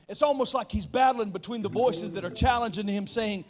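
A man with a very high voice preaches a sermon at full fervor, rising into shouts and then dropping to a hush. He calls out to his congregation in church, and music plays clearly behind him. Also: fairly quick, few pauses. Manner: impassioned preaching, swinging between shouts and hushed tones. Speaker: pastor. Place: church service.

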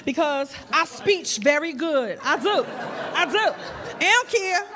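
A woman's voice: sits high, expressive, slow pace. A woman playing a sassy, confrontational Brooklyn pageant contestant with a Brooklyn accent. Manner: sassy, confrontational, repeating "what". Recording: live club crowd laughter.

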